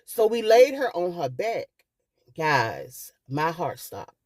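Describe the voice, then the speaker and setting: A woman's voice: fairly low pitch, sing-song, slow, a little mellow, no room sound. A middle-aged woman vlogging, telling a personal story with emotion and often calling her viewers "guys".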